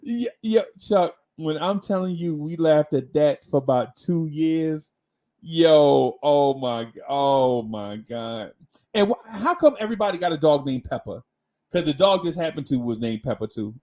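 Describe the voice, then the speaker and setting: A man with a high voice tells a story on a casual talk show. He is animated, laughs often and stumbles over repeated words as he goes. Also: a little slow. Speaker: co-host.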